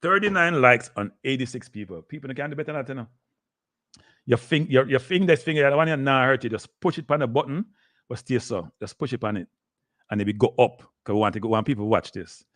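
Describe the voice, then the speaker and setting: An older Jamaican man hosts a wandering live sports talk stream, his mid-range voice fast and fairly bright with no echo. He drifts into patois and keeps speaking directly to his viewers, calling them "people."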